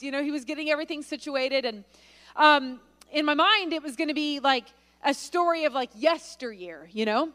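Woman speaker, very high and bright, chatty sermon style with fillers, reverberant church room. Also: a little fast. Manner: conversational, many fillers and restarts. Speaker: guest speaker. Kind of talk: sermon with storytelling. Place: church sanctuary.

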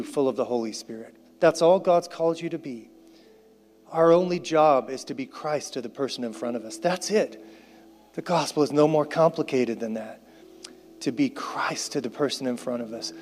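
A male pastor delivers an earnest sermon and altar call. He repeats key phrases and slips into soft, hushed prayer. His voice carries a long reverb from a large hall. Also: on the high side.

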